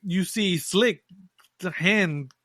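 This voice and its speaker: A man's voice: sits high, drawn-out words, pushed and bright, dry recording, studio quality. Laid-back man filling in plot details. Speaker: podcast co-host. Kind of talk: casual film recap chat.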